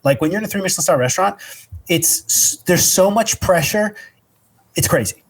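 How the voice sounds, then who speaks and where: Man, husky, chef podcast co-host, rambling, casual chat. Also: high voice, animated. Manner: rambling storyteller, quick asides.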